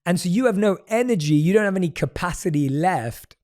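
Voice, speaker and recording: A man hosting a podcast, his voice slightly higher than most men's. He talks in a reflective, affirming way and repeats phrases to drive a point home. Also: lively intonation, brisk, a little mellow. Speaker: podcast host. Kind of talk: casual conversation.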